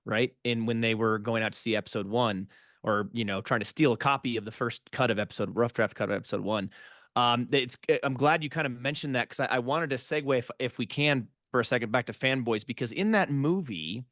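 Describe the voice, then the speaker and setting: A man's voice: medium pitch, fairly quick, a bit bright, no echo, clean studio sound. A man hosting a podcast interview, an eager fan who asks long, rambling questions. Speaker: podcast host. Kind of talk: casual interview.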